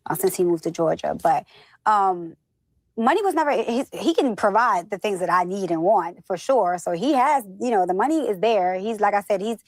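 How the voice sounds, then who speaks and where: A woman from the northern United States, an interview guest telling stories in a lively, chatty way and acting out quoted dialogue. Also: mid-range voice, normal speed, dry recording. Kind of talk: casual storytelling chat.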